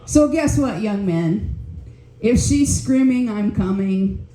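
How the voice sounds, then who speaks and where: A woman's voice: on the high side, lively intonation, slow, mellow. An older woman doing a stand-up comedy set, telling blunt, profane stories on a club stage. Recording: roomy club echo.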